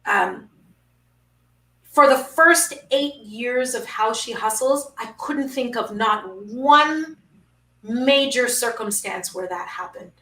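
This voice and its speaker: A bright, high-voiced woman speaks as a guest in an inspirational conversation, building her points through rhythmic, emphatic repetition. Her audio sounds roomy and a little distant from the mic. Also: slow. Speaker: guest, founder of a women's network.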